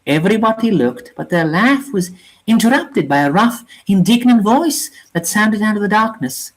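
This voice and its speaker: A reader narrating a grim war novella aloud in a measured, somber way. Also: medium pitch, animated, poor audio. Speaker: reader of a story channel.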